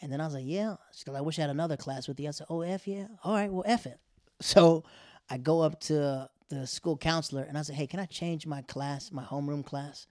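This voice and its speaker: Young man, animated storyteller, slightly high voice, dry close sound. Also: brisk, no echo. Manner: animated, laughing, slangy asides. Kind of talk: casual storytelling.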